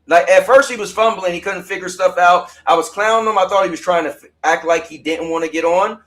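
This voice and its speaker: A man hosting a casual livestream chat, telling stories in an animated, slangy, emphatic way. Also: high-pitched, a little fast. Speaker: host.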